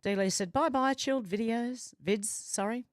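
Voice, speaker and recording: With a fairly high voice at a moderate pace, this Australian host reads out her livestream chat in a relaxed, amused, talkative way. She's at home with doors and windows open, but there's no room sound and the quality is clean like a studio.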